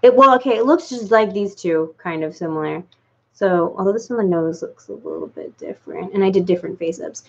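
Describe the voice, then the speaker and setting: A doll collector vlogger chats casually and unscripted with her viewers, rambling with lots of "like"s and false starts. Her lowish voice is sing-song and slightly rough, a little fast, and the audio sounds dull.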